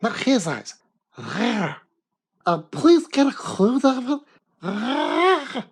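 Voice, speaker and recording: A man's voice: very high-pitched, sing-song, very slow, creaky, husky, pitched above the performer's own voice, exaggerated voice. A man voicing a fussy, pedantic nitpicker who interrupts to correct small mistakes, with prissy stress on single words. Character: shrill fussy pedantic nitpicker, high-voiced.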